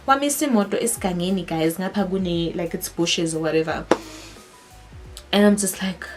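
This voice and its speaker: Woman, South African accent, vlogger, emphatic storytelling, mid pitch, faint background music. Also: brisk. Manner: animated, emphatic retelling. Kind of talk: storytelling to camera.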